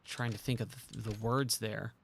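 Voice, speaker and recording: A man's voice: lowish voice, flat delivery, moderate pace, gravelly, a little hiss or hum. A man streaming a driving game live, talking through his moves with a self-mocking, exasperated commentary and pleading with the game.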